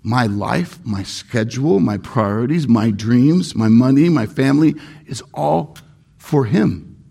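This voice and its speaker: A man preaches a sermon with earnest emphasis and leans on repetition to drive his points home. His voice is gravelly and a little husky, and it sits at an ordinary middle pitch. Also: expressive, a little slow, mellow. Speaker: pastor.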